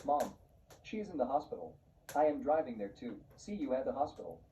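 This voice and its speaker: A man reading the lines of a worried, caring young wife in a flat, even voice. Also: mid-range voice, fairly quick, close to an everyday voice. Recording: muffled, distant, faint hiss.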